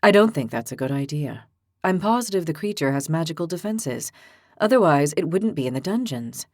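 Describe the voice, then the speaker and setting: A woman voicing a calm, philosophical young man with an ox's head, who speaks patiently and reasons things out. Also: low voice, brisk, dry recording, clean studio sound, voice pushed down. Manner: patient, reasoning, gently teasing.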